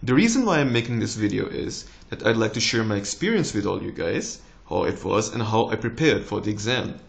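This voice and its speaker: A young man in his twenties with a slight American tinge, a doctor giving relaxed, encouraging exam tips in a casual vlog. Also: fairly quick, vocal fry. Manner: relaxed, encouraging, with lively rises in pitch.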